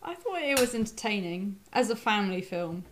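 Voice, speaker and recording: A woman co-hosting a casual film podcast, playful and quick to laugh at herself. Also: medium pitch, sing-song, a little hiss or hum. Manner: giggly, playful, self-mocking. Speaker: podcast co-host.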